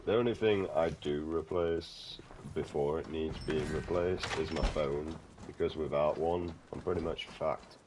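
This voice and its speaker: A man's voice: very deep voice, steady tone, unhurried, few pauses, background noise. A man chatting casually over gameplay, rambling, swearing freely and calling the listener mate. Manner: rambling, swears a lot, keeps saying "mate". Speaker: gaming channel host.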